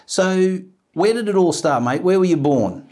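A man's voice: high voice, animated, normal speed, darkish tone. A man hosting a podcast, asking friendly, matey questions in casual chat. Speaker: podcast host.

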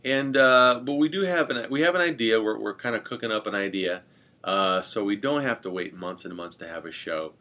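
A man's voice: fairly low pitch, fairly quick, pushed and bright. A man co-hosting a podcast in casual chat, rambling and joking, correcting himself as he goes. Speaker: podcast co-host.

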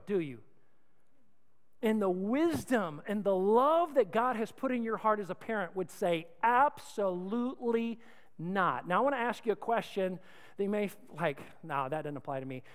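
A male pastor preaching a sermon, calling on the crowd to repeat lines back, swinging between loud and hushed. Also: very high voice. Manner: call-and-response preaching, asks crowd to repeat. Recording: long hall reverb.

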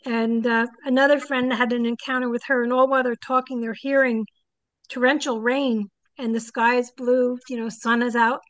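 A woman's voice: a little high, level tone, moderate pace, no room sound. An older woman, a psychic guest, telling stories in a casual interview and animatedly acting out the people she quotes.

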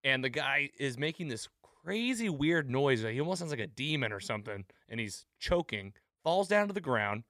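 A man's voice: medium pitch, normal speed, hardly any pauses, dry recording, studio quality. A man hosting a casual podcast recap, acting out quoted lines as he talks. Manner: animated, acts out quoted lines. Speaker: podcast host.

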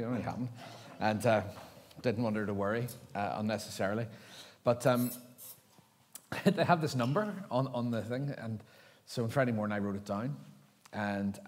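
A middle-aged man preaching a sermon from a stage microphone. He talks in a chatty, self-mocking way and laughs at his own stories. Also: on the low side. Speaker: pastor. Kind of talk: sermon with storytelling. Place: large church hall. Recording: church hall with long reverb.

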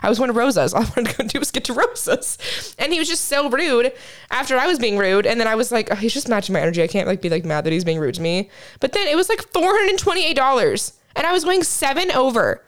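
A young woman co-hosting a podcast, recorded in a studio. She talks quickly and swears freely. Her stories are animated and chatty. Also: a little high. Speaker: podcast co-host. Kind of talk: casual chat.

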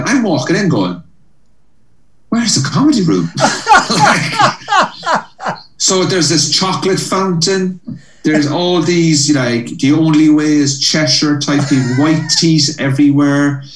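A comedian guest with an Irish accent tells a long, high-energy anecdote, acting out the voices of the people in it and laughing along. His voice is a little high and a little slow, recorded far from the mic in an echoey room, with slight background noise and rough quality.

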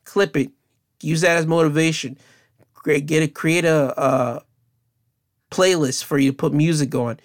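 A young man talks through the end of his solo podcast in a casual, rambling way. His voice sits a little high for a man, and he often stops and restarts his sentences. He keeps sounding earnest and encouraging as he thanks his listeners. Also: a little slow, pauses often. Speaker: podcast host.

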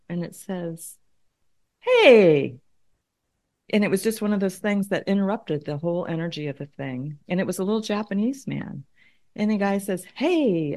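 A middle-aged woman with a notably low, darkish voice is interviewed as a guest; she works as a conflict consultant. She tells her story thoughtfully, repeating words as she finds her way through each point.

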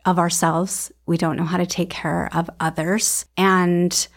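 A woman's voice: on the low side, level tone, unhurried, vocal fry. A woman hosting a podcast interview, emotional and close to tears, speaking in a heartfelt way. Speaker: podcast host.

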